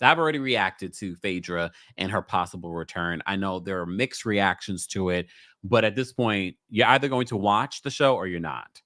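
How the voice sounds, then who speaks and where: A man with a New York accent hosts a casual call-in livestream. His voice is bright and ranges widely in pitch. He reads out viewer comments and laughs often. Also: no echo, clean studio sound. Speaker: livestream host. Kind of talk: casual live-stream call-in chat.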